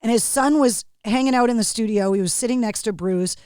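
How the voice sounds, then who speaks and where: A woman podcast host and radio DJ tells stories in a lively, animated way. Her voice sits fairly high. The recording is dry, with no room sound. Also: brisk, smooth, no echo. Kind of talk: casual interview chat.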